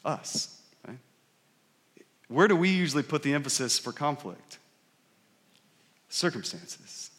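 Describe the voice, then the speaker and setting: Male pastor with a slightly raised pitch, preaching in a casual, earnest way in a reverberant church hall. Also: very animated, slow, pauses often, fairly bright tone. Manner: conversational, earnest preaching with frequent rhetorical questions. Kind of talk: sermon. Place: church sanctuary.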